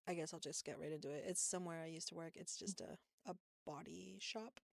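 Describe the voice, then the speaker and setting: A woman's voice: low voice, steady tone, brisk, creaky, no room sound, studio quality. A young woman co-hosting a podcast, telling a workplace story in a rambling way with fillers and laughs. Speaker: podcast co-host. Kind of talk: casual storytelling chat.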